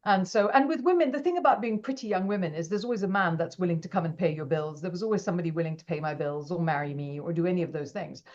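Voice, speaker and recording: Animated woman telling stories. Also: on the low side, fast, few pauses, dull audio. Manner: animated, acts out quoted voices, laughs often. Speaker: podcast guest. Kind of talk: casual interview storytelling.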